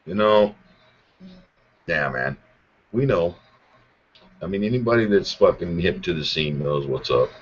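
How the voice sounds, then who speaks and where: In muffled, lo-fi audio, a male podcast host tears into politics with angry sarcasm and nonstop profanity. His slightly rough voice sits low, and his intonation is lively. He speaks a little slowly and pauses often.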